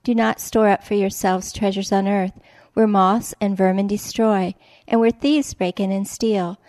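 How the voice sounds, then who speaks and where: Calm woman reading a devotional. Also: medium pitch, measured pace, no echo. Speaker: devotional reader.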